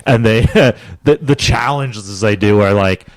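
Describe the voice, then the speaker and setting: A young co-host on a podcast takes it slowly as he tells a long, rambling story in casual chat, breaking into laughs and squeaky high voices for the people he quotes. There is no echo.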